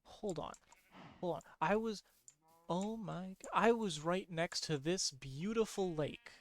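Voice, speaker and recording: Sleepy rambling man, slightly high voice. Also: unhurried. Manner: rambling, repeats himself, easily excited. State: sleepy, yawning. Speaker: streamer. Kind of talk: casual gameplay commentary.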